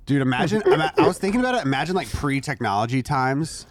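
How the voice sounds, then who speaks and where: A young man chatting casually on a podcast, a relaxed storyteller who keeps saying dude. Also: medium pitch, quick pace, no echo. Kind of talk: casual group chat.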